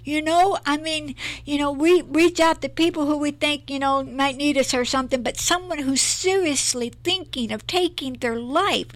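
A woman's voice: sits high, moderate pace, few pauses, no room sound. A middle-aged woman minister giving an earnest, emotional personal testimony in an interview, often repeating herself.

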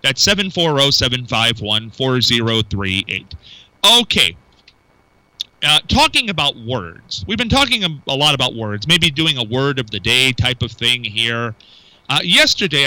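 A man's voice: mid-range voice, bright, forceful tone, no room sound, poor audio. A man hosting a call-in radio show, chatty and rambling with fillers. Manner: chatty, rambling with fillers, repeats phone number. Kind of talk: casual call-in radio talk.

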